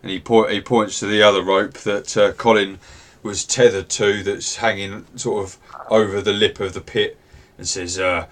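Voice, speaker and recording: Low-ish guy running a tabletop game, rambly and laid back. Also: moderate pace, few pauses. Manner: relaxed and rambling, with many fillers. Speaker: game master.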